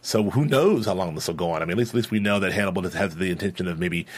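A man hosting a casual podcast chat, animated and repeating words as he thinks. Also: low-pitched, racing, husky. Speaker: podcast host. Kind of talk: casual chat about a TV series.

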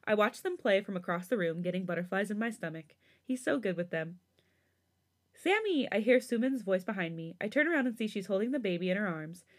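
A woman's voice: medium pitch, expressive, quick pace, few pauses. A young woman hosting a podcast, casually reading fan fiction aloud and breaking off for giggly, chatty asides.

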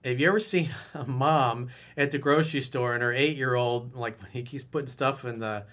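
A man's voice: medium pitch, normal speed, a bit bright. A middle-aged male dating coach giving blunt, frank advice in a monologue, acting out quotes along the way.

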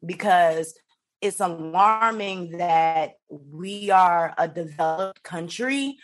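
A woman physician from Chicago speaks as a podcast guest, with a somewhat low pitch. She explains her field in a measured, steady way. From Chicago, USA. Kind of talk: podcast interview.

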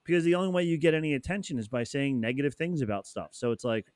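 A man's voice: mid-range voice, fast, darkish tone, no room sound. A man in casual chat, talking loosely with many fillers. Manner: loose, filler-heavy, laughs easily.

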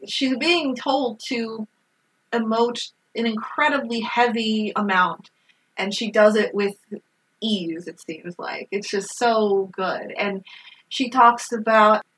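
A woman's voice: fairly high pitch, slow pace, a bit bright, poor audio. A woman co-hosting a casual movie recap, blunt and laughing often, swearing freely.

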